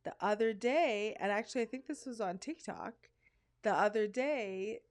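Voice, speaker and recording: Woman podcast cohost, casual and chatty, animated storyteller, mid-pitched voice. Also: moderate pace. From Canada. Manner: candid, animated storyteller who slips into voices. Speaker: podcast co-host. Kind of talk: casual chat.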